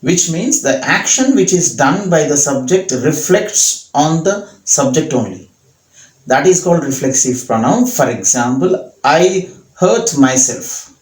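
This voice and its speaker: A man with an Indian English accent teaching a grammar lesson slowly, repeating each example sentence. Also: a little high, expressive, a little mellow. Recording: echoey room.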